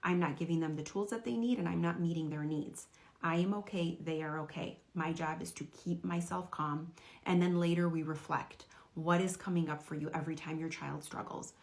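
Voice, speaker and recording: Parenting coach lady, low-ish voice, direct and earnest, talking straight to camera. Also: fairly even intonation, normal speed. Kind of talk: advice talk to camera.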